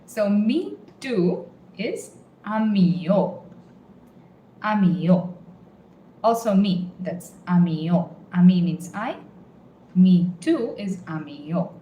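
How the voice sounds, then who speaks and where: A woman teaching a beginners' language lesson, explaining each step patiently and repeating example phrases slowly. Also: lowish voice, sing-song, warm tone, reverberant, a little hiss or hum, rough recording.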